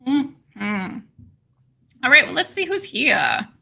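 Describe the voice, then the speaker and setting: A woman's voice: high-pitched, huge pitch swings, slow, vocal fry, pushed and bright. A woman co-hosting a casual livestream, bubbly and laughing, greeting viewers by name. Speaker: livestream co-host.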